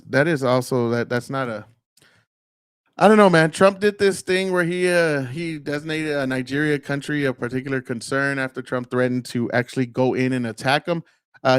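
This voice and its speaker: A man's voice: mid-range voice, clean tone, no echo, clean studio sound. A man hosting a show, talking bluntly and profanely in a rambling, filler-heavy way. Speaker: host. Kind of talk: casual political commentary.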